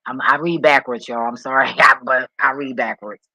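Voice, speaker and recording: A man talking off the cuff in a vlog, rambling and excitable, swearing often as he reads and reacts. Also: mid-range voice, moderate pace, no echo, low-quality recording. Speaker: vlogger.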